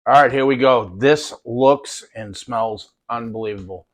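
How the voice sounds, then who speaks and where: A man's voice: mid-range voice, a little slow. A man hosting a cooking show, talking viewers through a demonstration in a casual, folksy and enthusiastic way.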